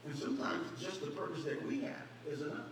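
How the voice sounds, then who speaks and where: A man's voice: high voice, sing-song, brisk. A man preaching a sermon as pastor, building emphasis and acting out conversations. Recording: very echoey hall, mic far off, faint hum.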